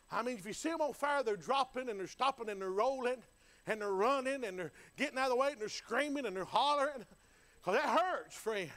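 A man's voice: very high voice, a bit bright. A man preaching a sermon in a folksy, fervent style, building in intensity. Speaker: pastor.

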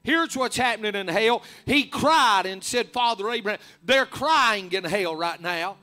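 A man preaching a fervent sermon, rising to loud emphatic peaks. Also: sits high, expressive, unhurried.

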